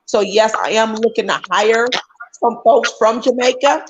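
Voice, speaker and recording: A woman's voice: fairly high pitch, measured pace, highs cut off, noisy background. A woman talking on a livestream call as a guest, emphatic and often restarting her sentences. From United States. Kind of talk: casual chat.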